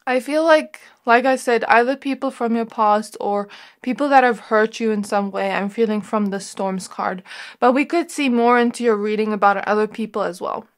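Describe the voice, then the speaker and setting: A woman giving an intuitive tarot reading to her viewers, talking in a gentle, reflective way and often pausing on "like" as she muses. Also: on the high side. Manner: gentle, reflective, musing with frequent "like". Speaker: tarot reader.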